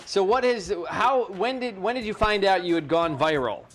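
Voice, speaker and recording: Upbeat high-voiced talk show host. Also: male voice, normal speed. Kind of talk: TV interview.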